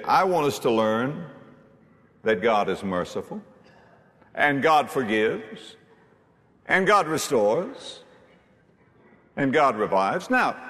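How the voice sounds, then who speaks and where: A man's voice: medium pitch, fairly bright tone. A man preaching a sermon with emphasis, repeating key lines and reading scripture aloud. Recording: long hall reverb.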